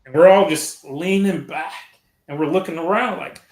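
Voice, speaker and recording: A man's voice: fairly high pitch, normal speed, a little mellow. A middle-aged man from Chicago, a podcast guest, recounting past events in a reflective way and voicing the people in his story. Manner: reflective, retells events with quoted dialogue. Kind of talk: storytelling in conversation. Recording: roomy echo.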